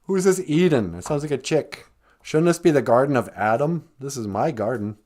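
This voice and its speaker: A man voicing a naive, indignant first man, whining high questions in a comic retelling. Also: lively intonation, moderate pace, a little mellow, natural voice. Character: naive bossy first man, grown male.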